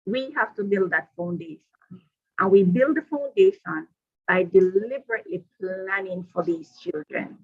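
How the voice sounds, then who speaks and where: A woman presenting a professional development workshop to teachers, deliberate and repeating her key points. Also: mid-range voice, animated, muffled recording.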